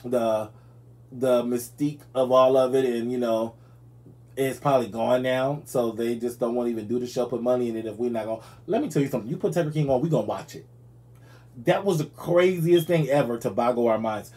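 A man hosting a casual gossip commentary show, chatty and animated, talking straight to his viewers and yawning now and then. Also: medium pitch, brisk. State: yawning, tired. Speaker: show host.

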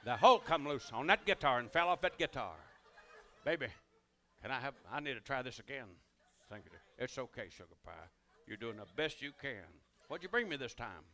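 A man's voice: medium pitch, animated, brisk, sharp tone. An older man doing live stand-up storytelling on stage, folksy and rambling, with drawling asides to the audience. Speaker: comedian and musician on stage.

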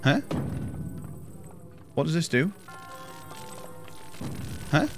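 An excitable young man commentates his gameplay live, his fairly high voice bouncing through a lively, animated range. He swears freely and keeps chatting to viewers, with faint game music playing behind him. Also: very slow. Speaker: game streamer.

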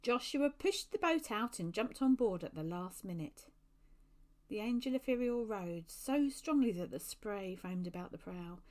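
Woman storyteller, expressive read-aloud, middle pitch. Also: unhurried. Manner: expressive, lively storybook reading. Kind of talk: reading a children's book aloud.

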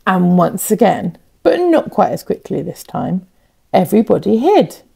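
A woman reads a children's storybook aloud, her voice warm and a little gravelly. She takes it slowly and lets her pitch rise and fall widely as she builds suspense. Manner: expressive, builds suspense with repetition. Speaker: teacher reading a picture book aloud.

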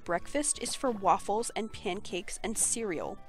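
A woman's voice: medium pitch, lively intonation, measured pace, faint music behind. A young woman giving casual, sarcastic and blunt let's play commentary.

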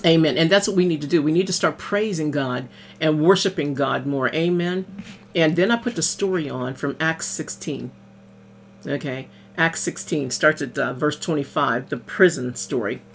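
A woman's voice: low voice, a little hiss or hum. A woman minister giving a casual devotional sermon over morning coffee. She reads scripture aloud, explains it in plain conversational words, and often says amen and hallelujah.

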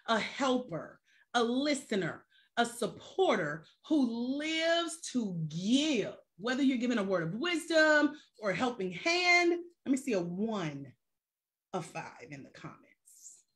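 A woman's voice: fairly high pitch, sing-song, slow pace, a bit bright. A woman life coach on a live stream who talks straight to her viewers with casual slang and rhetorical questions.

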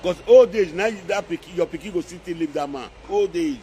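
A man's voice: high voice, a little fast, dark tone, slight background noise. A man speaking Nigerian Pidgin English, scolding and mocking in a repetitive social media rant. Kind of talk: scolding live-video rant.

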